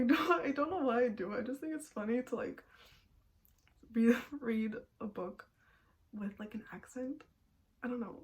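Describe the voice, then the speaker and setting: A young woman with a slightly high voice talks casually at home, recorded on a camera mic. She giggles often and leans on "like" as a filler, keeping a loose, chatty flow. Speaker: booktuber. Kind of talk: casual chat.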